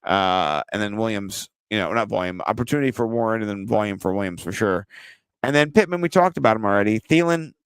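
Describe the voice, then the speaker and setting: A man co-hosting a fantasy football show, joking, teasing and swearing casually. His pitch swings widely as he talks. The sound is close and dry. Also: fast, clean tone, dry recording. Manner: joking, profane, animated banter. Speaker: podcast co-host.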